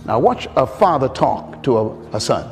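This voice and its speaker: Animated middle-aged preacher in a reverberant hall. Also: male voice, normal speed. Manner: call-and-response preaching, climbing to high emphatic peaks. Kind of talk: sermon. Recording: long hall reverb with faint music.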